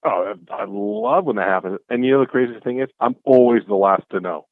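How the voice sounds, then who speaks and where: A man guest chatting casually, telling stories in an excitable way and acting out the back-and-forth. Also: medium pitch, brisk, no room sound. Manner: excitable, acts out quoted exchanges. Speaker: guest, clothing brand founder. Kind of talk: casual storytelling chat. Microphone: call audio. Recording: tinny phone-like call line.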